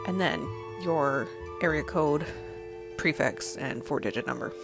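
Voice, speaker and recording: A woman's voice: low-pitched, unhurried, vocal fry, music in the background. A woman giving casual, chatty commentary over a game playthrough, pointing out details and laughing often. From Canada.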